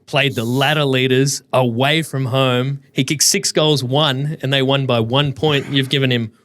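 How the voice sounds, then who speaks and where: A man's voice: medium pitch, steady tone, measured pace, a bit bright. An Australian man co-hosting a casual podcast, joking and acting out silly mock dialogues as he talks. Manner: jokey, acts out mock dialogues. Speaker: podcast co-host. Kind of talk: casual banter.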